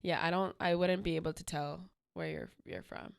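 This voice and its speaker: A woman co-hosting a podcast in easy, casual chat, with a low voice and a gravelly edge. She is direct and keeps up a steady stream of fillers. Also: normal speed. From Boston area. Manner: direct, talks with lots of fillers. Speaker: podcast co-host.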